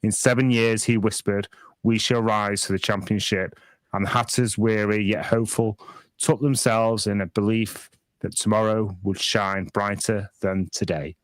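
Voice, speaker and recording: Hushed storyteller voiced by a man, slow and soft like a bedtime story, dry and close. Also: fairly low pitch, fairly even intonation, no room sound, voice pushed down, close to an everyday voice. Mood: hushed, dreamy. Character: gentle male fairy-tale storyteller, hushed and dreamy.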